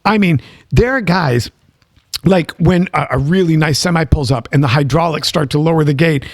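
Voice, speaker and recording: Podcast guy, ex band director, fast excited storytelling, kinda high voice, dry mic. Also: no echo. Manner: animated storyteller, quick bursts of speech. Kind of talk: casual podcast chat.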